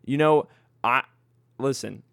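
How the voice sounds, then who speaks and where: A man's voice: mid-range voice, slow, gravelly, fairly bright tone, dry recording, clean studio sound. A man co-hosting a casual comedy podcast, rambling through jokey ideas and laughing often. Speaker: podcast co-host.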